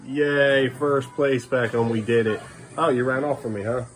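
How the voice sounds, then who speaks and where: A man's voice: medium pitch, fairly even intonation, normal speed, slight background noise. Dad coaxing his little kids. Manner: coaxing and bantering with small children. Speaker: father vlogging his day with his sons. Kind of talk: casual family vlog. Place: family home, indoors.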